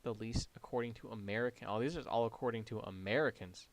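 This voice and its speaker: A young man from Canada with a light Canadian accent and a flat, deadpan delivery, reacting wryly while he chats on a gaming stream. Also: lowish voice, fast talker. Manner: wry, sarcastic reactions. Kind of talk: casual gaming stream chat.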